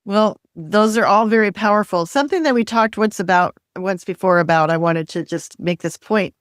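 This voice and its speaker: A woman hosting a podcast interview, engaged and enthusiastic, with quick reactions. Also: mid-range voice, no echo, clean studio sound. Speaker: podcast host. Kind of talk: conversational interview.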